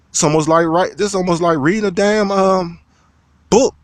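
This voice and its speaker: A man talking straight to his viewers as a video commentator, loud, profane and preachy. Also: a little high, brisk, dry recording. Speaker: YouTube commentator. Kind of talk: casual vlog rant.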